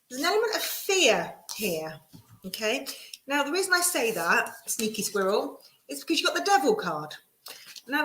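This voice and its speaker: A woman giving a casual live tarot reading, reassuring and chatty with many pauses and restarts. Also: a little high, a bit bright, a little hiss or hum. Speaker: tarot reader. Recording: echoey room.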